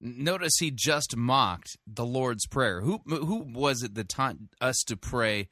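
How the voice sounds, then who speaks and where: Host, commentary, bright and pointed, dry close sound, critical and emphatic. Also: male voice, mid-range voice, lively intonation, takes it slowly, hardly any pauses, no room sound. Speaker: host reviewing a sermon. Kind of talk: podcast commentary.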